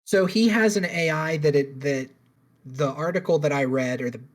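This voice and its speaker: In casual podcast chat, a male co-host with a fairly high voice meanders through a news story at a moderate pace. He jokes around and swears freely as he goes.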